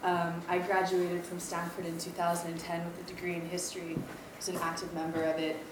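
A woman's voice: fairly low pitch, monotone, brisk. Woman, 20s, from Maui, campus ministry speaker telling her testimony. Chatty, self-deprecating, filler-heavy. Far, roomy recording with background noise. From Maui, Hawaii. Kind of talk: personal testimony talk. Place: lecture room. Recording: echoey room, distant mic, background noise.

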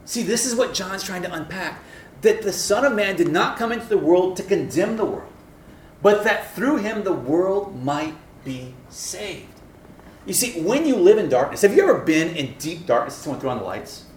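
A man's voice: high voice, normal speed. A man giving a sermon to students, telling stories with humor and acting out the voices in them. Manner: animated, acts out voices in his stories. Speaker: campus minister giving a talk. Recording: echoey room, mic at a distance, faint noise.

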